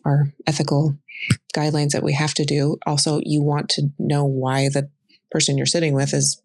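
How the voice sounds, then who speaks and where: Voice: mid-range voice, completely flat delivery, normal speed, a little mellow. A podcast host asking thoughtful questions in a casual, conversational way.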